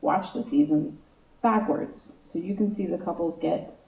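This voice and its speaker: Woman stand-up comic, self-mocking banter, mellow tone, roomy distant sound. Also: fairly low pitch, a little slow, creaky, a little hiss or hum. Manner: chatty, self-mocking, many "you know" asides. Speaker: stand-up comedian. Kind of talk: stand-up comedy set. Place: comedy stage in a room.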